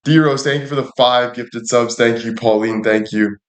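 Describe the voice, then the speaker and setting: A man with a mid-range, steady voice talks at a moderate pace while livestreaming from an echoey room. His casual chat mixes jokes, free cursing and thanks to viewers by name.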